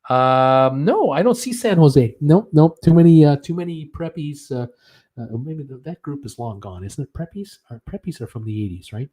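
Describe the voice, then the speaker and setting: A man's voice: on the high side, expressive, normal speed, warm tone. A man hosting a live-stream trivia show, reading viewer comments in a chatty way, full of "uh" fillers and chuckling at his own jokes. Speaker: host of a live cruise news and trivia stream.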